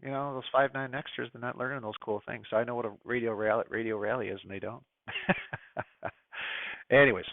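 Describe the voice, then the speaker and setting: A middle-aged man talks casually to a ham radio club, chatty and opinionated, with lots of asides and fillers. His voice sits at an ordinary pitch. The sound is dry and narrow, like a phone line. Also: fairly even intonation, normal speed, vocal fry, pauses often, no room sound. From United States. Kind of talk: casual presentation talk.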